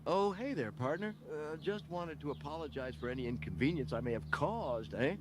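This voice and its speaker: An AI voice doing a sheepish cartoon neighbor. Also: male voice, on the high side, lively intonation, normal speed, noisy background, close to an everyday voice.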